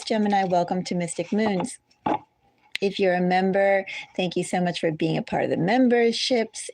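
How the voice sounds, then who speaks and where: Gravelly-voiced woman rambling through a tarot reading. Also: medium pitch, a little mellow, no echo. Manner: rambling, digressive, self-correcting. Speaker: tarot reader. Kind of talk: casual chatty astrology reading.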